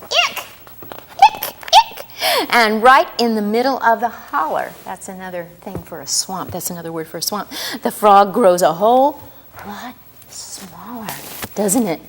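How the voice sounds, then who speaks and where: A woman's voice: mid-range voice, slight background noise. A woman reading a picture book aloud to young children as storyteller, asking them questions as she goes. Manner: animated, asks children questions often; drawn-out sing-song rhyming delivery.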